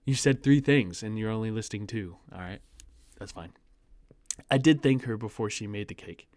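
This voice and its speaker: A man's voice: on the low side, normal speed, a little mellow, no echo. A young American man reads an online post aloud and breaks in with sarcastic, mocking asides in a casual commentary. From United States. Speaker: host reading online posts.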